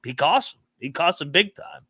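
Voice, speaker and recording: A man's voice: a little high, animated, moderate pace, bright, forceful tone, husky, no room sound, studio quality. A male podcast co-host in casual chat who rants in an emphatic, fired-up way and swears freely. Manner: fired-up, profane, emphatic ranting.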